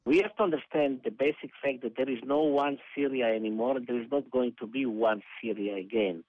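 A male analyst, giving measured commentary in a news interview, pausing often with "uh". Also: mid-range voice, no room sound. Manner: measured, hesitant with many uhs. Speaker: analyst guest. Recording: dull lo-fi phone-like line.

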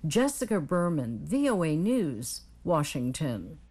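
A woman reading a scripted news report in a measured, even delivery. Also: deep voice, slightly rough.

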